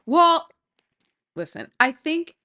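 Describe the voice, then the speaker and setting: A woman's voice: sits high, slow. A woman guest in a casual podcast chat who talks animatedly, laughs often and acts out the people she describes. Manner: animated, giggly, acts out quotes.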